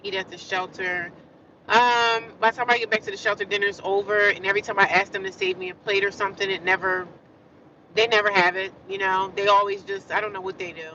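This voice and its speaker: A woman's voice: medium pitch, fairly even intonation, fairly quick, sharp tone, slight background noise. A woman chatting casually with viewers on a livestream, rambling and repeating herself. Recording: distant, slightly dull phone audio.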